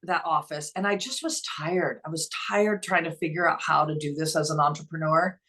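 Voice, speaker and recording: A woman's voice: sits low, normal speed. A middle-aged woman speaks earnestly as an interview guest. She tells her story candidly and with feeling, in a conversational way. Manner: earnest, emotional, quotes others in lively voices. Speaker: nonprofit founder and guest.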